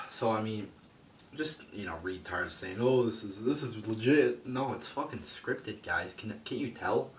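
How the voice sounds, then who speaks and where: A lower-voiced man rants through a wrestling review, swearing freely and sneering at what he dislikes. He sits a little back from the mic, so his voice comes across roomy and echoey, with a faint hiss of noise underneath. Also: fairly bright tone, distant mic. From United States. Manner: crude, swearing, scornful. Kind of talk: profane ranting review.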